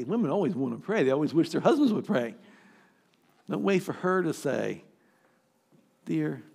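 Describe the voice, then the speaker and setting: A man in his sixties, a pastor, preaching an emphatic, exhorting sermon with dramatic pauses. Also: a little high, mellow. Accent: American. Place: church sanctuary.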